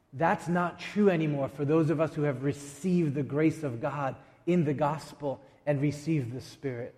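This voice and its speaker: A male pastor delivers a sermon in a church, slow and emphatic, leaning on dramatic pauses and quick asides. His voice sits a little high. A long reverb from the hall trails after each line. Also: a little mellow. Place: church sanctuary.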